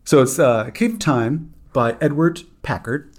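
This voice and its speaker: A man's voice: medium pitch, measured pace. A man hosting a podcast in casual chat, dry and teasing, with some filler. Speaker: podcast host.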